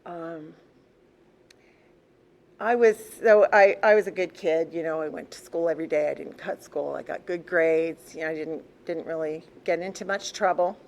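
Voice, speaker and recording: An older woman telling her life story to a recovery meeting, candid and conversational, with restarts and soft laughs. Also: low-pitched, moderate pace. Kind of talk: personal story told to a group.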